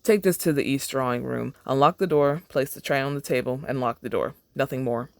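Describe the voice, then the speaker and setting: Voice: mid-range voice, a little fast, gravelly, no echo, clean studio sound, natural voice. A fan reader voicing a stern, posh older male butler with a put-on upper-class English accent, clipped and formal.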